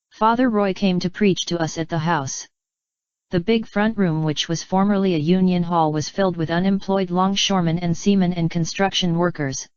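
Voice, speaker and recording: A woman narrating an audiobook memoir in an even, measured reading. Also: on the low side, clean tone, no room sound. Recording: dry, slightly dull lo-fi audio.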